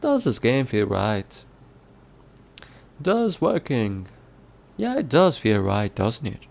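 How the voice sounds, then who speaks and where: A man's voice: mid-range voice, huge pitch swings, takes it slowly, vocal fry, a little mellow, exaggerated voice. A man reading design prompts aloud in a put-on Irish accent, in a playful, sing-song way.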